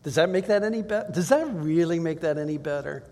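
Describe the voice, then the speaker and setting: A man's voice: fairly high pitch, a little fast, a little mellow. Man teaching scripture in a reverberant hall. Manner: conversational, asks rhetorical questions, reads scripture aloud. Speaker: Bible teacher. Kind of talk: Bible teaching talk.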